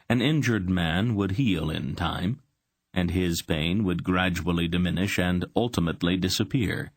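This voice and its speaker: A man narrating a fantasy audiobook in a steady, unhurried way. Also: sits low, no room sound, clean studio sound. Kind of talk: scripted narration.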